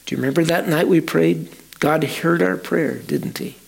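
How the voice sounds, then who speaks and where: A man's voice: a little high, moderate pace, creaky, breathy edge, full character voice. A man voicing a grateful farmer who cheerfully addresses his family. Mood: joyful. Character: joyful grateful male farmer, a father.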